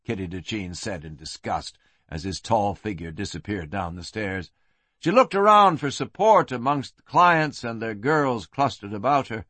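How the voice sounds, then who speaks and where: Expressive man narrating a western. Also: on the low side, normal speed, dry recording. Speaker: audiobook narrator.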